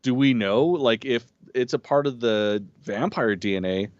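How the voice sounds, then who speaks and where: A man co-hosting a casual review chat, relaxed and blunt, swearing casually. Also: mid-range voice, moderate pace, no room sound, lo-fi sound. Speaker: co-host.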